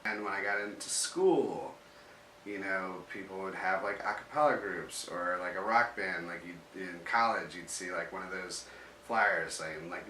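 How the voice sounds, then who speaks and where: A man with a lowish, bright voice tells a personal story in a loose, rambling way. He keeps stopping to restart his sentences and fills the gaps with "like." He sits a little away from the mic in a roomy, echoing space with a faint hiss underneath. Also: measured pace. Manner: rambling, full of "like" fillers and restarts. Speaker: interviewee telling his story. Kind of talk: casual storytelling. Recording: roomy echo, mic at a distance.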